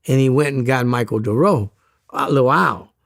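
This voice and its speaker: A man's voice: mid-range voice, moderate pace, a bit bright, no room sound, clean studio sound. A man, a former police officer, recounting events in a casual interview, often stumbling and repeating words.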